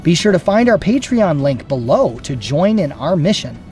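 A man's voice: fairly high pitch, big pitch swings, a little mellow. A middle-aged man hosting a Catholic devotional series, reading a spiritual classic aloud in an earnest, devout way, then reflecting on it. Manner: earnest and devout, slowing for emphasis.

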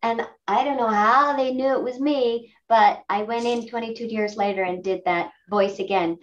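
A woman's voice: medium pitch, steady tone, moderate pace, lo-fi sound. A woman voice actor and channel host telling stories in a chatty, joking casual chat.

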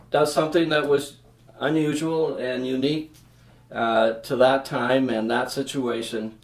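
A man from Canada preaching a sermon as a pastor, speaking in an unhurried, earnest way with some fillers and restarts. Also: mid-range voice. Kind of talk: sermon with scripture reading and prayer. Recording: roomy echoing church sound.

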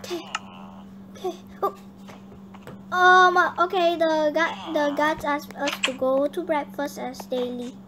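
Girl, child, high voice, excitable, bossy, gameplay chat, noisy background. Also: normal speed. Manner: excitable, chatty, bossy toward her partner. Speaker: gaming channel host. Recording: noisy home recording.

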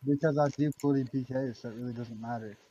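A man in his thirties talking on voice chat through a mobile phone, defensive and halting, trying to talk back while he keeps getting cut off. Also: medium pitch, steady tone, dark tone, slightly rough, dry recording, lo-fi sound. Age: 30s. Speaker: voice-chat participant. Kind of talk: argumentative casual chat.

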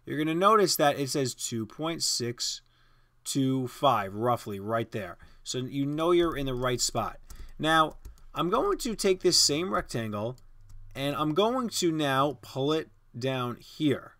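A man hosting a software design tutorial, explaining each step casually over a screen recording. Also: medium pitch, lively intonation, slow, dry recording. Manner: casual, step-by-step instruction with fillers.

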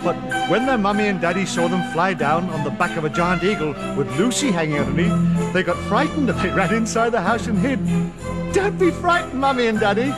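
A man reading a children's story aloud in a playful, animated way. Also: high voice, fairly quick, over loud music.

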